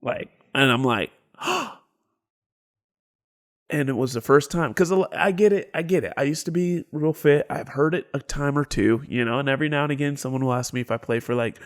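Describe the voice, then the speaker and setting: A man's voice: medium pitch, fast talker, few pauses. A man, co-hosting a podcast and telling stories animatedly, acting out the people in them with sudden whispers and bursts of volume. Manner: animated storyteller, acts out quotes, sudden whispers and shouts. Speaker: podcast co-host. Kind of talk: casual storytelling chat.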